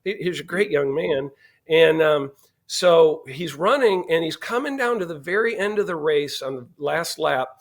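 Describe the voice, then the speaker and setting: A middle-aged man telling a family story as a podcast guest, animated and acting out the dialogue. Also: on the high side, normal speed. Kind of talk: storytelling in casual interview.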